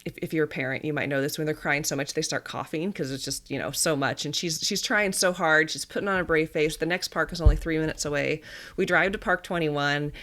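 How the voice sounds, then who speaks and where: A woman in her thirties, a dietitian and mother, hosting a podcast and retelling a family story in a chatty, animated way with little laughs. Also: low-pitched, a little fast. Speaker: podcast host. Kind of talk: casual storytelling monologue.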